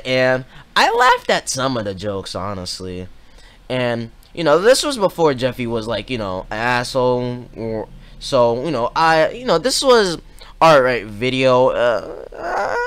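A man giving casual reaction commentary on a video, talking haltingly with repeated words and many fillers. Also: mid-range voice, a bit bright. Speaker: YouTube reactor.

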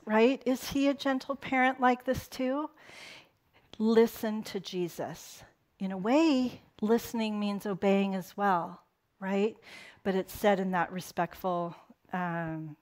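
A middle-aged woman pastor giving a sermon in a conversational, playful way, with asides and laughter. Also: medium pitch.

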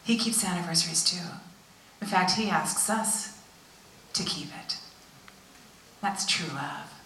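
A woman, a visiting pastor, telling a story in a sermon with animated delivery that drops to hushed tones for emphasis. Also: lowish voice, slow pace, slight background noise. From United States. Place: church hall. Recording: echoey church hall, voice from far off.

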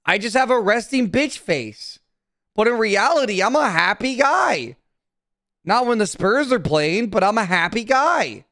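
Young man streamer, brash and profane, higher voice, dry close mic. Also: lively intonation, unhurried, sharp tone, dry recording. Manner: brash, profane, defensive banter with chat. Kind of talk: casual stream chat.

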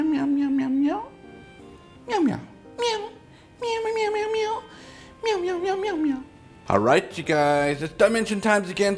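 Chatty, lively low-voiced man reviewing toys. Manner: chatty, joking, enthusiastic. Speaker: toy review host. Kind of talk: casual product review.

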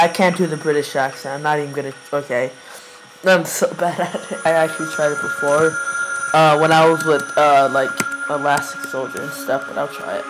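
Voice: medium pitch, poor audio. A young gamer giving casual, rambling gameplay commentary, giggling and hesitating often. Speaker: let's play gamer.

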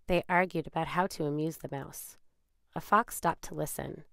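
A woman with a low, gravelly voice reads a children's story aloud in a calm, measured way. The sound is close and dry. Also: no echo. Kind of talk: children's read-aloud narration.

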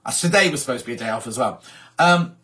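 Viewer messages get read out by this live stream host, who rambles chattily and keeps cutting himself off mid-sentence. He speaks fast with a medium-pitched, expressive voice and a sharp tone.

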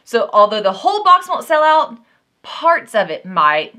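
A young woman from southern Texas with a warm drawl talks straight to her viewers about a box she's opening. Her voice sits a little high and stays bright and crisp. She keeps it chatty and excitable, sprinkling in plenty of y'alls. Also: unhurried. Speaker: vlogger, unboxing host. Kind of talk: casual unboxing chat to camera.

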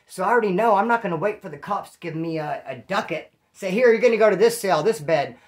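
A man from California telling his own prison stories in a casual, profane, animated way and acting out what people said. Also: sits high. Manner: profane, animated, acts out quoted dialogue. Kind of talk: casual storytelling.

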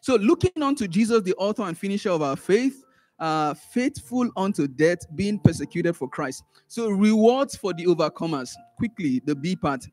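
A man with a high, husky voice teaching a church Bible class. He restarts phrases and keeps repeating words, then surges up loud and high when a point lands. Faint music sits under his voice. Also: normal speed. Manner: animated, rises sharply in pitch and volume for emphasis, trails off in asides. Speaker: Sunday school teacher.

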